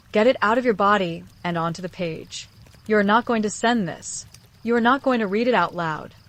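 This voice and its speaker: A woman with a mid-range voice narrates a scripted self-help piece on relationships. Her delivery is calm and earnest, and she speaks directly to the listener. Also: medium pitch. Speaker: relationship psychology video host.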